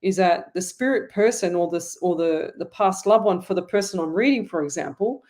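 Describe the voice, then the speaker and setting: A woman's voice: lowish voice, animated, normal speed, a little mellow. Chatty Australian woman psychic host. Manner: chatty, rambling, full of restarts and asides. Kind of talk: live online reading, answering viewer comments.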